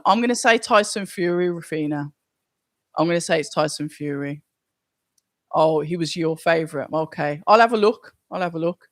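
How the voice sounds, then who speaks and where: A casual, chatty host, reading out viewer comments on a live watch-along stream and reacting as they go. The voice is mid-pitched and recorded dry and close, with no room sound. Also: fairly bright tone, dry recording. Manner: casual, chatty, thinks aloud.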